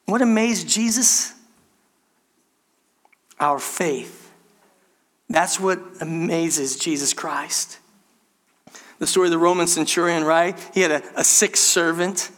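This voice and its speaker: A male pastor delivers a sermon in a fairly high, slightly bright voice, speaking slowly with long pauses. His manner is emphatic, and he repeatedly addresses the congregation directly.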